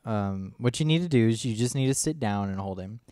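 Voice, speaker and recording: A man co-hosting a casual podcast chat, reassuring and playful, now and then acting out a baby in a silly high voice. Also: expressive, fairly quick, dark tone, smooth, no echo, studio quality. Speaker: podcast co-host.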